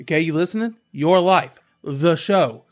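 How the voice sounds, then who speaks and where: A man's voice: on the high side, lively intonation, a little slow. A man doing a frantic, stammering boss. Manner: stammering, shouting over others. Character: frantic male boss pitching an idea. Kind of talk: improvised comedy character.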